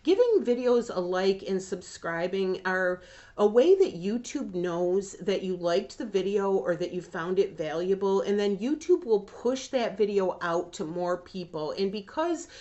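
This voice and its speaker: A woman's voice: mid-range voice, lively intonation, a little slow, warm tone. Woman vlogger, dog training host, earnest, emotional, slightly dull lo-fi sound. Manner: earnest and emotional, gets choked up. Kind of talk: emotional direct-to-camera talk.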